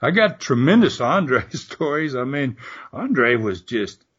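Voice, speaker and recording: A man's voice: mid-range voice, slow, breathy edge. An older man with a Southern US accent, a former wrestler and promoter telling folksy stories in a casual interview. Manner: folksy, animated storyteller who swears mildly. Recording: muffled lo-fi audio.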